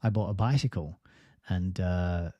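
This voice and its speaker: A man's voice: deep voice, measured pace, dark tone, dry recording, lo-fi sound. A man hosting a book review livestream, rambling casually and reading viewer comments aloud. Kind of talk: casual live-stream chat.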